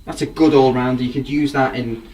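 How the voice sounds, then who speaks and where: Fairly quick and steady, this mid-range, darkish-toned male voice belongs to a drum collector casually displaying his gear. He rambles eagerly through the show-and-tell, heard from a distance over faint background noise.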